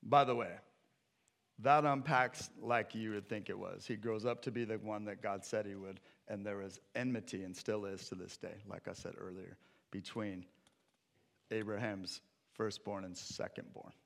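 A male pastor preaching a sermon with animated storytelling, acting out scripture characters. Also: on the low side, moderate pace, creaky.

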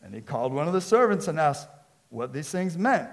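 A man's voice: on the high side, big pitch swings, brisk, gravelly. A man preaching a sermon as pastor, emphatic and conversational, and he mixes in casual slang.

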